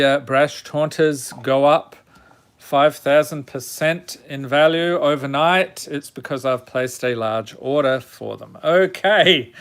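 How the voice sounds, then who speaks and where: A man with a slightly high voice talks slowly through a card pack opening. He lists each card in turn and drops dry, self-mocking jokes along the way. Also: a bit bright, clean tone. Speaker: channel host opening card packs. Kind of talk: casual pack-opening commentary.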